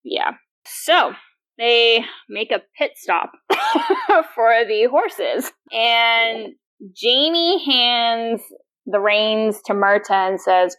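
Lively higher-voiced woman podcast co-host. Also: very slow. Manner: animated recapping, acts out scenes with quoted lines and laughs. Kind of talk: casual chat.

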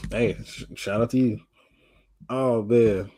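A man's voice: mid-range voice, fairly even intonation, slow pace, dark tone. Easygoing, joking podcast co-host man. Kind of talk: casual sports chat.

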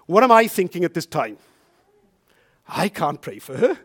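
High-voiced animated preacher man. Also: moderate pace, slightly rough. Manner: animated, swings from hushed to loud. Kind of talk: storytelling sermon.

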